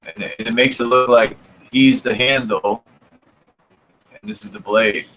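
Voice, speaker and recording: A man hosting his channel, giving casual commentary while browsing old maps, with relaxed, amused, slangy asides. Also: mid-range voice, measured pace, rough recording. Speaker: channel host.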